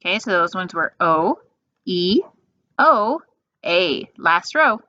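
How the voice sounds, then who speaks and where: Woman teacher, bright voice, slow careful delivery; phonics drill for kids, dull lo-fi recording. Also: lowish voice, expressive, no echo. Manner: slow, patient, drawn-out sounds. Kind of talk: phonics lesson for young children. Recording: dull lo-fi sound.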